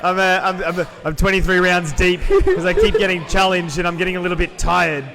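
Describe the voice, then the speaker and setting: A young Australian man co-hosting a podcast, loud and rambling, with lots of fillers and restarts. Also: sits high, fairly even intonation, brisk, creaky. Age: young adult. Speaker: podcast co-host. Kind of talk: casual chat.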